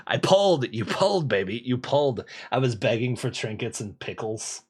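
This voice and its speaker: A young man streaming a game, chatting casually with viewers in relaxed slang, repeating phrases and laughing often. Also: medium pitch, moderate pace, breathy edge. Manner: laid-back slang, lots of laughing and repeating himself. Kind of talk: casual gameplay streaming, reading chat.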